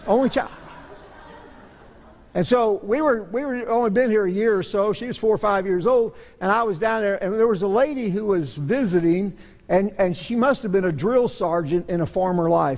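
A middle-aged pastor preaching in a church sanctuary, telling family stories with an earnest, self-deprecating touch. His voice sits high and has a gravelly edge, and it rings with the long reverb of the room. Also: lively intonation, normal speed. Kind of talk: sermon.

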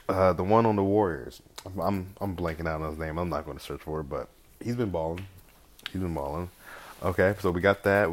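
A man hosting a podcast solo in a casual, rambling way, with loose slang and frequent swearing. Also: sits low. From California. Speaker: podcast host.

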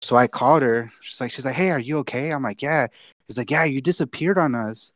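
A man's voice: medium pitch, a little fast, dry recording, clean studio sound. A young man from Texas telling a long personal story on a podcast, casual and profane, often repeating himself. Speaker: podcast co-host.

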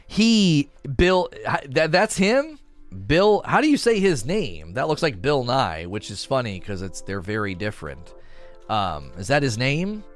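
A man chatting casually on a livestream, rambling and animated as he reads chat aloud. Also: mid-range voice. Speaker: streamer reading chat.

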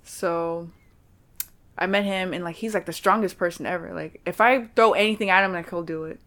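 A woman in casual conversation, telling stories in a lively, chatty way and acting out the voices of the people she quotes. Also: on the low side, normal speed. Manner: chatty, animated storytelling with quoted dialogue. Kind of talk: casual chat.

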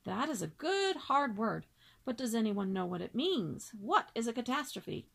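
A woman putting on a stern, brisk schoolteacher. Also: a little high, big pitch swings, vocal fry, fairly bright tone, slight background noise, exaggerated voice. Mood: testing. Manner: emphatic, exclaiming, commanding. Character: stern, brisk female first-grade teacher. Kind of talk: storybook read-aloud.

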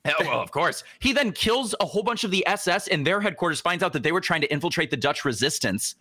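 A young man with a high, lively voice, bright and sharp in tone, telling a history story on a casual podcast. He is excitable and quick to laugh, and the sound is close and dry. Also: no room sound. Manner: excitable, laughing, acts out quotes. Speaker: podcast co-host, history segment.

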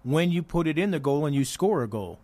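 High-voiced male sports radio co-host. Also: animated, fairly quick, darkish tone, no echo. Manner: teasing, conversational. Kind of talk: casual sports radio banter.

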